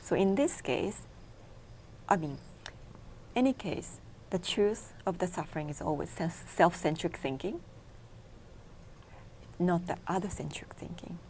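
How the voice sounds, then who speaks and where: A woman with a fairly low voice whose first language is Japanese, a guest on a television interview. She explains meditation practice step by step in simple, non-native English, with a faint hiss behind her. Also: darkish tone. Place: local TV studio.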